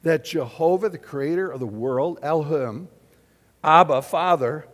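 A man preaching a sermon in an auditorium, drawing answers from the audience and swinging from loud declarations to hushed questions. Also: on the high side, unhurried, long reverb tail. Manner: animated, questioning the audience, big swings in loudness. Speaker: pastor.

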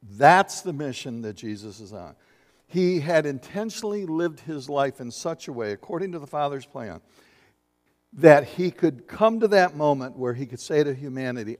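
A man preaching a sermon in a lively, conversational way, asking the congregation questions and acting out little voices. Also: medium pitch, normal speed. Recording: long hall reverb.

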